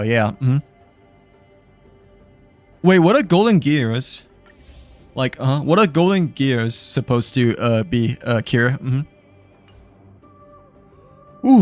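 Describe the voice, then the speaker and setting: A young man chatting casually while streaming a game, rambling with lots of filler words and trailing off. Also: mid-range voice. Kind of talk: casual live-stream chat.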